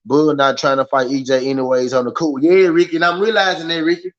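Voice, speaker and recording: A man with a Southern American accent hosting a casual boxing livestream, talking to his chat in an animated, repetitive way. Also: a little high, quick pace. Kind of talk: casual live commentary. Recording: slightly dull lo-fi stream audio.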